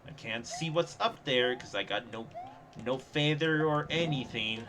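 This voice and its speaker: A young man giving live, sarcastic gameplay commentary as he streams, reacting fast and laughing at his own mishaps. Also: medium pitch, a bit bright, faint music behind. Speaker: streamer playing a level contest.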